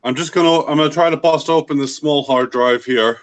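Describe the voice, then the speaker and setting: A man's voice: on the high side, brisk. A man in casual group video chat, matter-of-fact as he shows a hard drive he is opening.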